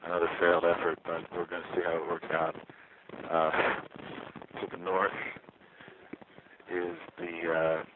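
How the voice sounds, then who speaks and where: A man's voice: deep voice, completely flat delivery, unhurried, long pauses. A man at a street payphone making a rambling, self-mocking sound check through the handset. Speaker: field recordist. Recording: static-laden payphone line with street noise. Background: traffic, car alarm, subway.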